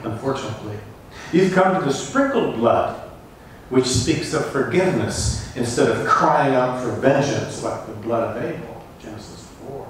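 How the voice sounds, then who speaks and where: A man's voice: mid-range voice, slight background noise. A male pastor preaching a sermon, reading scripture with dramatic rises in his voice. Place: church sanctuary. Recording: echoey church hall from far off.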